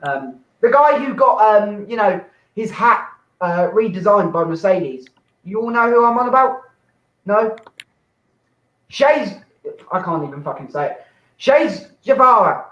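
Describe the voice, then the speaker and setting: A young man hosting and doing a rambling, sweary stand-up set from his flat, breaking into sudden shouts. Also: high voice, measured pace. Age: young adult. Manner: rambling, swearing, self-interrupting, shouting bursts. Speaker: host and stand-up comic. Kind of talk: stand-up set on an online open mic. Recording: echoey, dull lo-fi home mic.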